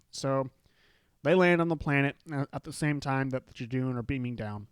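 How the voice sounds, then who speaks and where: Man, host, casual solo chat, medium pitch, dry close sound, rambling recap. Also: normal speed, pauses often, smooth, no room sound. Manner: chatty, retelling scenes in loose paraphrase with fillers. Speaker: podcast host.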